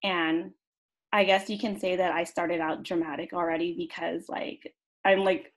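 A woman's voice: fairly low pitch, steady tone, moderate pace. A woman guesting on a podcast who speaks in a heartfelt, gushing way, with many "um"s and "like"s. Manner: warm, heartfelt, lots of "um" and "like". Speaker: podcast guest, event host. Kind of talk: casual podcast chat.

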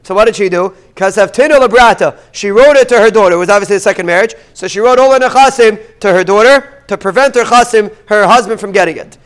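A man gives a daily Talmud class, reading the Aramaic text and unpacking it in English. His voice sits high and sounds clean and resonant. He keeps it lively with rhetorical questions. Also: fast talker, hardly any pauses. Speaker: Talmud teacher.

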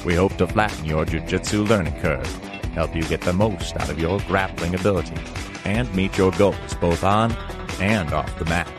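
A man announcing a scripted show intro in a slow, measured delivery. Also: sits low, over music.

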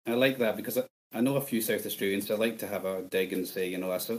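Fast-talking Scottish man on a podcast. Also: fairly low pitch, fairly even intonation, darkish tone, low-quality recording. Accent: East Scottish. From Scotland. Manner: quick, chatty, self-deprecating with frequent laughs. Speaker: podcast guest. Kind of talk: casual podcast chat. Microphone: remote call.

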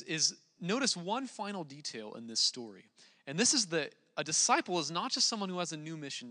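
A young man preaching a relaxed, conversational sermon, with plenty of fillers and restarts. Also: a little high, in a large hall.

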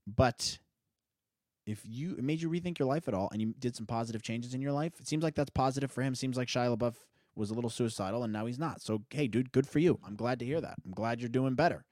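A man's voice: medium pitch, quick pace, darkish tone, dry recording, clean studio sound. A man hosting a solo podcast, rambling in a casual way, breaking off mid-sentence and laughing often. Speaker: podcast host.

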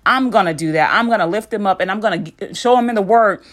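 Woman in her thirties, mid-pitched, talking through an earnest, encouraging devotional in a casual podcast voice, with a repetitive preaching rhythm. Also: fast, a bit bright. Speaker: podcast host giving a devotional message. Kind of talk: informal devotional talk.

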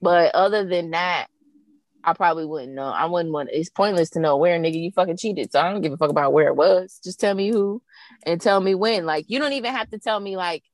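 A woman's voice: on the low side, fairly quick, dry recording. A woman in a casual chat, speaking bluntly and profanely in a matter-of-fact way.

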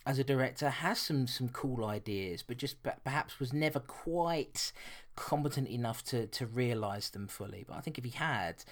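A man's voice: medium pitch, normal speed. A man, co-hosting a podcast, talking through a horror film in a chatty, hesitant way with many restarts. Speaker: podcast co-host. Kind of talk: casual film review chat.

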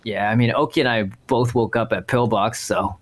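Male player as a hesitant rookie fast-food guy, stammery. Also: medium pitch, fairly even intonation, close to an everyday voice. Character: new, flustered young male fast-food worker. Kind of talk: in-character game role-play interview.

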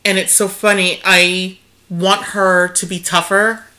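A woman's voice: mid-range voice, little pitch movement, measured pace, bright, forceful tone. A woman co-hosting a podcast in casual chat, telling anecdotes and acting out what people said. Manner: chatty anecdotal storyteller, acting out quotes. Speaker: podcast co-host.

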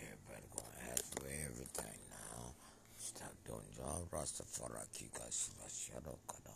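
A man talking in a rambling monologue that drifts between topics, swinging from loud outbursts to low mutters. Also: normal speed, creaky, a little hiss or hum.

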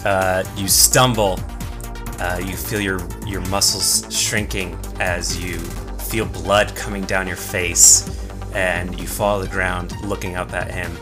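A man narrating as game master of a tabletop game, relaxed and chuckling. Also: sits low, slow, music in the background.

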